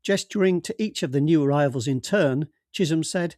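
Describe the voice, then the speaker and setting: A man's voice: on the high side, moderate pace, few pauses, a little mellow, no echo, studio quality. Man reading a thriller aloud. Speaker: narrator. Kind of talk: audiobook reading of a novel.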